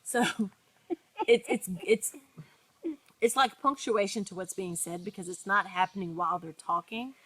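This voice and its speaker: A woman's voice: medium pitch, unhurried, slightly rough, dry recording. A woman co-hosting a casual chat, telling a story with many restarts and acting out what people said. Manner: animated storyteller, acts out quotes, many restarts. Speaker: podcast co-host.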